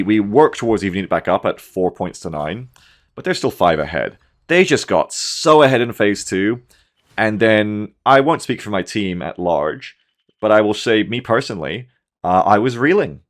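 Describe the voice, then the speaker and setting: A man in his thirties talks through a game replay in a loose, conversational way. His voice sits a little low, and he gets animated, swears freely and acts out his own panicked reactions in quick bursts. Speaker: gaming commentator. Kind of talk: casual match review commentary.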